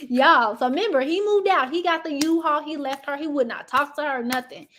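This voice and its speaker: A woman hosting casual reality TV gossip commentary, chatty and animated, talking straight to her viewers. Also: high-pitched, brisk, slight background noise. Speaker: host.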